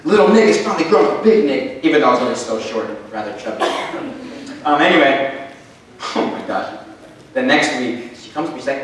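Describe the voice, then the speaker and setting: A young man giving a youth sermon as a lively story, playing his younger self in sudden high, excited bursts. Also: a little fast, slight background noise. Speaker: youth speaker. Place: church sanctuary. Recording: very echoey church hall from far off.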